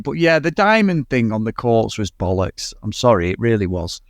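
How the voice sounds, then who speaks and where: A man's voice: fairly low pitch, very animated, normal speed, dry recording, clean studio sound. A British man co-hosting a podcast, ranting animatedly and swearing about a film in casual chat. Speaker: podcast co-host.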